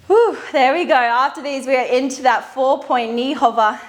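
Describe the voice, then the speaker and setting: A woman leading a guided dumbbell workout, out of breath as she exercises, cueing moves with upbeat encouragement. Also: high-pitched. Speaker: fitness instructor. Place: indoor workout studio.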